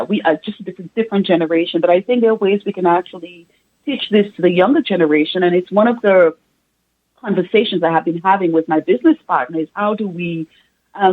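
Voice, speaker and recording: A woman speaking as an interview guest over a remote call, talking reflectively and thinking aloud as she goes. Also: lowish voice. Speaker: guest, doctoral researcher. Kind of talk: casual interview conversation. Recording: tinny phone-like remote call audio.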